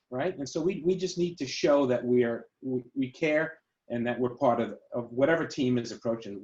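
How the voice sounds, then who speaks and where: Measured man in an echoey room. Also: mid-range voice, a little mellow. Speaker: panelist. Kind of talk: casual panel discussion. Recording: echoey, dull lo-fi audio.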